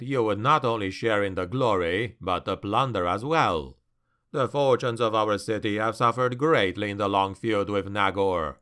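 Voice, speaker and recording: A man doing a calm, scheming dark elf noble. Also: on the low side, clean tone, voice pushed down. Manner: calm, even, persuasive.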